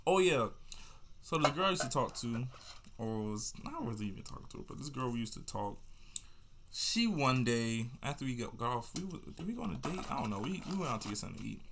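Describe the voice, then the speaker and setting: Young man, podcast host, casual storytelling, slangy, rambling, mid-pitched voice. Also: expressive, fairly quick, vocal fry, a bit bright, a little hiss or hum. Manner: rambling, slangy, restarts and asides.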